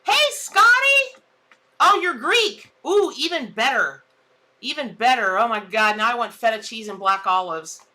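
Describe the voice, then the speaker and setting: Chatty woman with a very bright voice. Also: a little high, lively intonation, moderate pace. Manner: chatty, exclamatory, laughs at her own jokes. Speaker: tarot reader. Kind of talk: casual live-stream chat.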